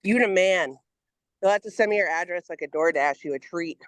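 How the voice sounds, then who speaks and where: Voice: medium pitch, a little fast, a bit bright, dry recording. A speaker joins a casual group call mid-walk and sounds out of breath. The talk is playful, with frequent laughter. The sound is close and dry. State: out of breath from walking. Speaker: panel participant.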